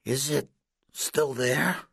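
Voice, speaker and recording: A man's voice: mid-range voice, very slow, gravelly, a bit bright, breathy edge, no room sound, clean studio sound, pitched above the performer's own voice, exaggerated voice. A man voicing an anxious, pleading schoolboy in a read-aloud story. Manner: pleading, whiny. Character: anxious schoolboy with a wasp on his neck. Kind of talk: storybook character voice.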